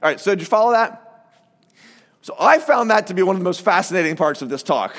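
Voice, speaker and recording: High-voiced pastor preaching in a reverberant hall. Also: male voice, fast. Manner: animated, conversational, acts out quoted voices. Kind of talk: sermon.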